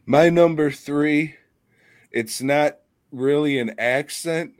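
A man's voice: on the high side, slow pace. A man co-hosting a podcast, ranting profanely in casual comedic chat and laughing often. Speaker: podcast co-host.

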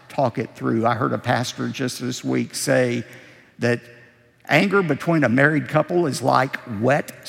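Male pastor preaching a sermon, animated delivery with gravelly texture, long church reverb. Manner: emphatic preaching, rising for stress and dropping low for asides.

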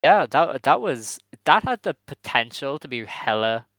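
A man co-hosting a podcast in casual chat, giggling and animated as he talks. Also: mid-range voice, a little slow, dry recording, rough recording. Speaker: podcast co-host.

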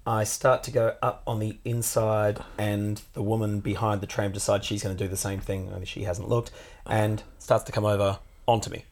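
A man's voice: moderate pace, slight background noise. A man who co-hosts a podcast, telling a story in casual chat and swearing now and then. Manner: animated, jumps into high put-on voices for quotes, swears casually. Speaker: podcast co-host.

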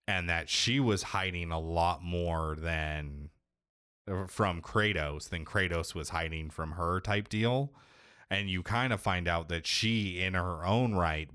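A man's voice: low voice, sharp tone, dry recording, studio quality. A young man casually recapping a video game's story, rambling, swearing and filling his sentences with 'like'. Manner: rambling, profane, heavy filler 'like'. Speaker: podcast co-host recapping a video game. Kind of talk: casual chat.

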